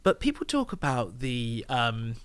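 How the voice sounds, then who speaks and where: A man co-hosting a casual album review, weighing his words in a measured, thoughtful way and laughing easily. His middle-pitched voice is recorded dry, with no room around it. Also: huge pitch swings, a bit bright, smooth, no room sound. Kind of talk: casual chat.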